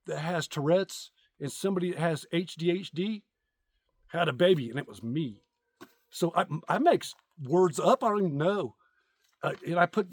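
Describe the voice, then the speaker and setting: A middle-aged man with a fairly high voice rambles through crude jokes in a casual vlog, full of ums and uhs. He is recorded outdoors, and the sound is close and dry. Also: no room sound. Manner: crude, rambling joke-telling with many fillers. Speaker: content creator.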